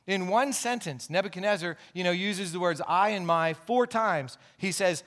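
Higher-voiced man preaching a sermon. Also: normal speed, few pauses, a bit bright. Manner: earnest, explanatory preaching with asides and restarts. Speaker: pastor.

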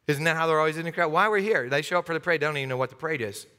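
An American man preaching a lively interactive sermon in a church, acting out crowd voices and joking with the congregation. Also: on the high side, very fast, clean tone. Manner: animated, acts out crowd voices, jokes with congregation. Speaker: pastor. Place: church sanctuary. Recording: long hall reverb.

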